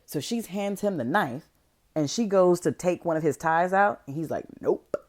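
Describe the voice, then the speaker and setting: A woman hosts a podcast and recaps a film in loose, chatty storytelling packed with fillers and slang. Her low-set voice swings widely in pitch as she gets caught up in the story. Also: lively intonation, moderate pace, a little mellow. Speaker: podcast host. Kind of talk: casual movie recap.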